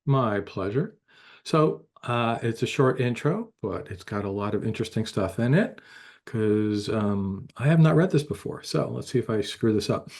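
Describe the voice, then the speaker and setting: A man's voice: lowish voice, lively intonation, moderate pace, a little mellow. Chatty, self-deprecating man co-host. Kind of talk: casual podcast chat.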